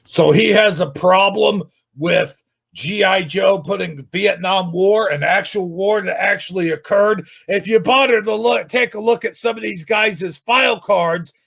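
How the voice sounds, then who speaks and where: A man reviewing another YouTube channel in an angry, sarcastic rant, swearing and shouting often. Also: high voice, vocal fry. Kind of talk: ranting video commentary.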